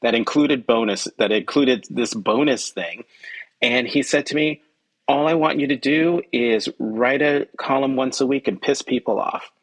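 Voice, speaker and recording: A man's voice: slightly rough, rough recording. A male journalist, a guest on a podcast, telling a personal story in conversation, acting out quoted dialogue with jumps in his voice and frequent ums. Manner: animated, acts out quoted dialogue with pitch jumps; frequent ums and self-corrections.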